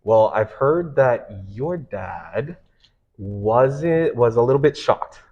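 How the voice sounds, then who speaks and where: A man hosting an interview, friendly, asking questions in a halting way with fillers. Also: medium pitch, expressive, dull audio. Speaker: interview host. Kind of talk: casual interview.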